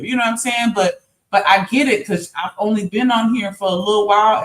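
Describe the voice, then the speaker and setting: A woman on a livestream, earnestly explaining herself in an apologetic way, often repeating her points. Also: on the low side. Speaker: stream guest. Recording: roomy echo.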